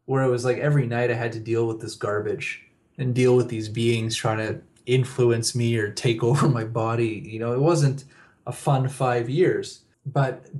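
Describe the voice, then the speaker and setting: A man's voice: medium pitch, darkish tone. A man who is a guest author on a radio interview, telling personal stories and chuckling often.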